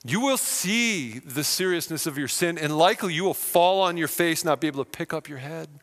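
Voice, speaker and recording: A male pastor preaching a sermon with animated, vivid storytelling in a church hall. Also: a little high, a little fast. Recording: long hall reverb.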